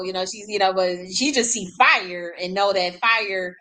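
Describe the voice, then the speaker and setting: A woman's voice: mid-range voice, normal speed, bright, forceful tone, poor audio. A woman hosting a reaction video, commenting casually on clips and often repeating herself while she hunts for words. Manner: rambling, repeats words while searching for them.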